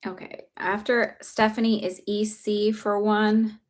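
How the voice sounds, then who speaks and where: A woman's voice: medium pitch, flat delivery, measured pace. Young woman doing live psychic readings, super chatty and encouraging, says like a lot. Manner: chatty, reassuring, heavy use of "like" fillers. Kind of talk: casual livestream reading.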